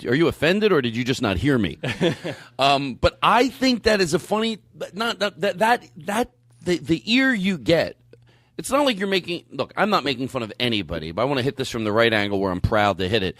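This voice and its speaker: A man's voice: on the high side, expressive, moderate pace, fairly bright tone, dry recording. Guy hosting a podcast, rambly, lots of ums and restarts, dry close sound. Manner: rambling, many restarts and fillers. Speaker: podcast host. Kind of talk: casual chat.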